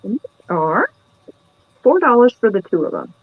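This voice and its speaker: A woman's voice: mid-range voice, sing-song, normal speed, slightly rough, no room sound, phone-quality sound. Chatty, giggly woman selling antiques. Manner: chatty, giggly, describes items. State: tired from lack of sleep. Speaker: host of a live antiques sale. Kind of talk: casual live-sale chat.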